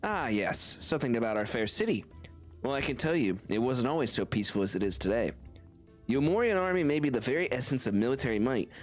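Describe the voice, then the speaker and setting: A man's voice: medium pitch, animated, quick pace, faint music behind, pitched below the performer's own voice, close to an everyday voice. A man voicing a smug, showy male city entertainer from a video game, reading his lines in a snooty, theatrical manner. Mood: grandiose.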